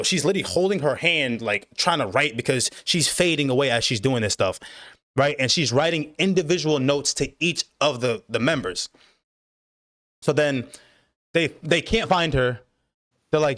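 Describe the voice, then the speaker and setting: Man, casual anime discussion host, rambling plot recap, profane and loose, middle pitch, dry close sound. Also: expressive, moderate pace, a bit bright, no room sound. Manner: retells the plot at length, loose and profane, heavy use of "like". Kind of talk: casual chat.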